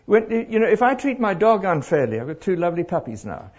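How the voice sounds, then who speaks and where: A middle-aged man preaching to a congregation, animated and throwing questions out to the crowd. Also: high voice, quick pace, breathy edge. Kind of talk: interactive sermon. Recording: dull lo-fi live recording.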